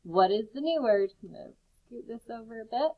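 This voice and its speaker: A woman teacher giving a phonics lesson to young children from home, sounding out each word slowly and clearly. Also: on the high side, lively intonation, dull audio.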